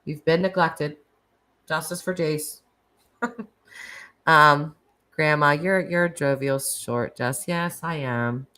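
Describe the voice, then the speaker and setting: A middle-aged woman hosts a casual live chat, taking callers. Her voice sits low, and she talks in a chatty, meandering way, laughing often and restarting her sentences. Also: slow, long pauses, pushed and bright, poor audio. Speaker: live stream host.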